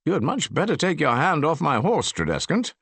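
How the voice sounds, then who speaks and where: Guy reading an audiobook doing a cocky laughing young duke, high and bouncy. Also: huge pitch swings, a little fast, vocal fry, a bit bright, slightly rough, no echo, heavily acted. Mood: coolly commanding. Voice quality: bold and playful. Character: dashing, merry young duke, reckless.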